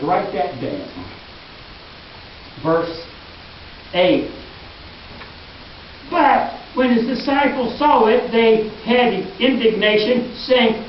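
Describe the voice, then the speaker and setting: A male pastor preaching a sermon in a church, earnest and emphatic, dropping into quiet asides. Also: extremely high pitch, big pitch swings, extremely slow, pauses often, a little hiss or hum. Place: church sanctuary. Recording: echoey hall, distant mic, dull lo-fi.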